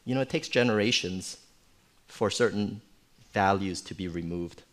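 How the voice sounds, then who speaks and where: A middle-aged man preaching a sermon in a church, conversational and animated, with playful asides. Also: fairly low pitch, moderate pace. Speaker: pastor.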